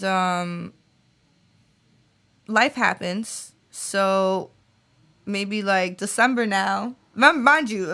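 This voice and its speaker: This author and poet, a woman in her late twenties, has a medium-pitched voice that sounds pushed and bright. She's an interview guest who reads her spoken-word pieces and talks in an earnest, reflective way, filling pauses often.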